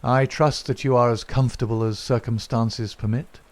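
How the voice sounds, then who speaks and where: A man voicing a calm, middle-aged gentleman detective who speaks in a measured, dryly ironic way. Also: mid-range voice, close to an everyday voice.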